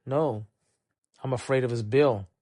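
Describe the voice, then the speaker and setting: A man voicing a world-weary 1950s private eye, talking gruffly and wryly. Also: mid-range voice, a little slow, dark tone, close to an everyday voice.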